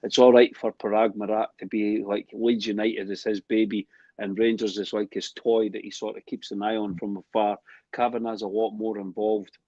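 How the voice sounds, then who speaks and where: A man's voice: fairly low pitch, flat delivery, moderate pace, warm tone, dry recording, lo-fi sound. A man talking heatedly about football on a podcast, ranting and frustrated. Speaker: podcast co-host. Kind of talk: casual football chat.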